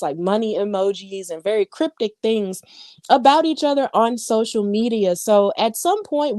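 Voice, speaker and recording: A woman's voice: a little high, darkish tone, no room sound, clean studio sound. A woman co-hosting a podcast, recapping wrestling in a chatty way with lots of fillers and asides. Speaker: podcast co-host. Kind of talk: casual wrestling recap chat.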